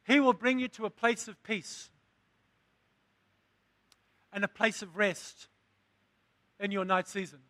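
High-voiced preacher, slow and bright. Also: male voice, fairly even intonation, no room sound. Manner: call-and-response preaching, rising to emphatic. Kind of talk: sermon.

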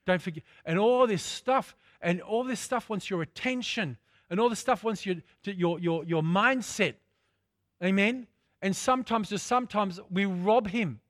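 A man's voice: high voice, measured pace, fairly bright tone, no room sound, clean studio sound. A man preaching a sermon, repeating phrases for emphasis and calling out to his congregation.

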